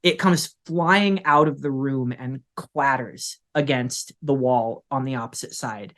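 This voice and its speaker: Rambling game master, mid pitch. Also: male voice, measured pace, fairly bright tone. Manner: rambling, full of "like" and "uh". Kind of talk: narrating a tabletop game.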